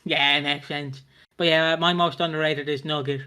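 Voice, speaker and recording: A man's voice: fairly high pitch, flat delivery, normal speed, pushed and bright, smooth. A man co-hosting a casual TV review podcast, frank and rambling. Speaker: podcast co-host. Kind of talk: casual chat.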